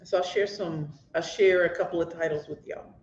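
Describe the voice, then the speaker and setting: A woman's voice: fairly low pitch, steady tone, normal speed, darkish tone. A woman author from St. Louis with a St. Louis accent, hosting a motivational livestream in an impassioned, preachy way and calling her viewers y'all. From St. Louis, USA. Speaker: author and host. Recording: echoey, dull lo-fi room sound.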